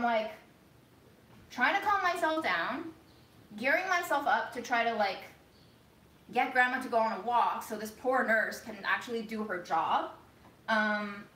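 A woman's voice: a little high, takes it slowly, pauses often, pushed and bright. A woman telling a story in a casual vlog, frank and profane as she vents, recorded a little away from the mic in an echoey room. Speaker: vlogger. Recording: echoey room, voice a bit far from mic, faint background noise.

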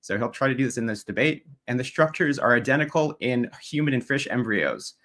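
A man's voice: medium pitch, animated, brisk, fairly bright tone. A man giving a debate opening statement over slides, methodical and pointed, at times mocking his opponent.

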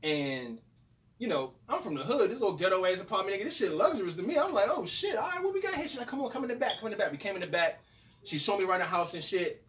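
Animated young man telling a raunchy story. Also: sits high, quick pace. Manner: profane, animated, acts out both sides of dialogue. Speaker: podcast host. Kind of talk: casual storytelling. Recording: distant mic with faint noise.

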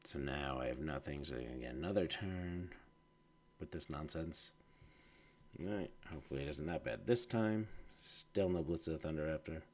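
A man's voice: very deep voice, normal speed, darkish tone. A man with a congested, nasal voice and heavy breathing, casually commenting on his card game as he plays and muttering his thoughts aloud. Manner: muttering thoughts while playing. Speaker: gameplay streamer.

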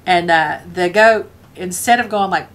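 A woman with a Scottish accent tells an old family story in a relaxed, conversational way. Her voice sits a little low, and she laughs as she acts out her relatives' lines. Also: unhurried. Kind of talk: casual spoken family anecdote.

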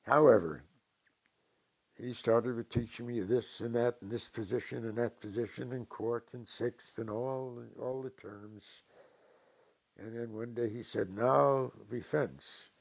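An older man from New York telling stories from his past slowly and with dry humor in an interview. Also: medium pitch, steady tone, a little mellow. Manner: slow, deliberate anecdotes with dry humor. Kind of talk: storytelling interview.

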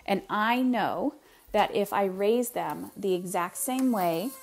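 A middle-aged woman from Canada tells a family story on her parenting podcast. She talks casually and with animation, mimicking her kids and throwing in the odd swear word. Her voice sits at a medium pitch. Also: animated, slow, gravelly, a little mellow.

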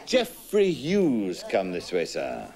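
A man's voice: lowish voice, huge pitch swings, takes it slowly, a crowd in the background. A middle-aged man hosting a TV game show with jovial, teasing banter. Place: TV studio with live audience. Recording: studio audience loud behind.

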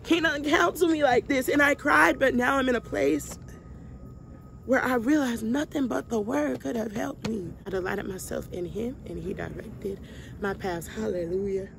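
A young woman vlogger, voice on the high side, creaky and a bit bright, leads a Bible study at a moderate pace. She preaches casually and emphatically from the heart, repeating lines for stress and addressing viewers as y'all. Slight background noise comes through.

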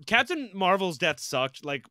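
A man co-hosting a podcast in casual chat, animated and rambling, swearing now and then. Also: high voice, a little slow, clear, resonant tone, no echo, clean studio sound. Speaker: podcast co-host.

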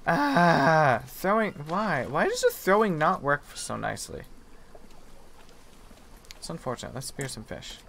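A man's voice: on the high side, wildly swooping pitch, measured pace, creaky, pauses often, noisy background. A young man giving casual, self-mocking commentary as he plays a survival game. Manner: chatty, self-mocking, mock apologetic to game animals. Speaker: gaming video host.

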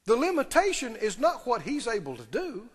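A man's voice: extremely high pitch, wildly swooping pitch, normal speed, husky, in a large hall. A man preaching a sermon, emphatic, repeating key phrases and putting questions to the congregation. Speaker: pastor.

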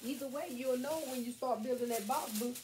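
Filmed on a table-mounted camera, this middle-aged craft vlogger shows a project at home, talking directly to viewers in a playful, folksy, chatty way. She speaks fairly quickly in a voice on the high side, against a noisy background.

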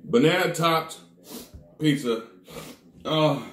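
Talking directly to viewers, whom he calls "people," this snack reviewer reacts to every taste with dramatic groans in casual vlog talk. His voice is on the high side, slow and fairly bright, and the sound is roomy.

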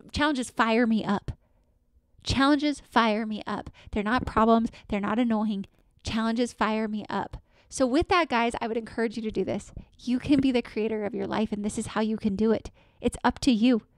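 A woman hosting a solo podcast as a consultant, talking in an energetic, emphatic way and repeating affirmations. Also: on the high side, dry recording, studio quality. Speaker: podcast host and dental practice consultant. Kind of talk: solo motivational podcast talk.

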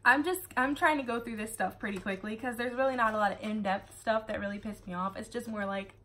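A woman's voice: a little high, fast talker, fairly bright tone, a little hiss or hum. A woman reviewing a book in a casual, chatty way, full of sarcastic asides and laughter.

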